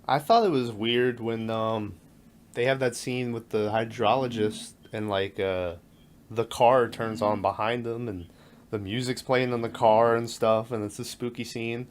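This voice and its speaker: A man's voice: medium pitch, fairly even intonation, unhurried, slight background noise. A man co-hosting a movie podcast, chatting casually and retelling scenes he watched. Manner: chatty, recounts scenes and quotes lines. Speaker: podcast co-host. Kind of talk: casual chat.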